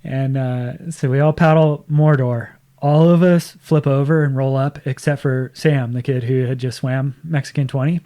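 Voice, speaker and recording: A man's voice: mid-range voice, fairly even intonation, moderate pace, few pauses, dark tone. A man talking as a podcast guest, telling a casual story, acting out what others said and laughing often.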